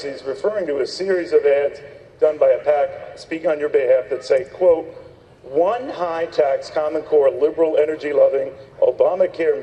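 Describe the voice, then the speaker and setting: A man moderating a televised debate, brisk and pressing with his questions. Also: on the high side, mellow, a little hiss or hum, low-quality recording. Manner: brisk, pressing, quick to interrupt.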